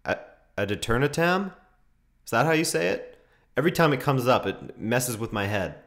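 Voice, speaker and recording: A man's voice: mid-range voice, lively intonation, normal speed, fairly bright tone. Chatty young man streaming a match. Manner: chatty, laughs often, reacts with ooh and hoo to the match. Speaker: streamer hosting a football watchalong. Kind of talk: casual live-stream commentary and chat reading.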